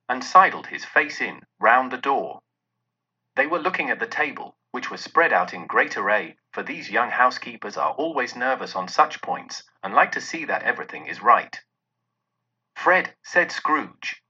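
Man narrating expressively, husky and bright. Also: mid-range voice, normal speed. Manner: expressive, dramatic. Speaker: reader. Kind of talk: storybook narration. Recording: dull lo-fi recording.

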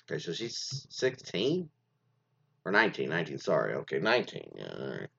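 A man's voice: sits low, big pitch swings, brisk, creaky, pushed and bright. A man chatting casually as host, rambling with many fillers and restarts while he reacts to stories. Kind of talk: casual commentary on reader stories. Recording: dull lo-fi sound.

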